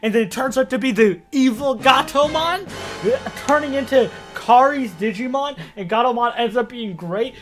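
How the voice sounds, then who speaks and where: A man's voice: very high-pitched, normal speed, soft background music. A man giving casual commentary on an anime for his video channel, rambling and swearing freely. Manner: animated, profane, rambling.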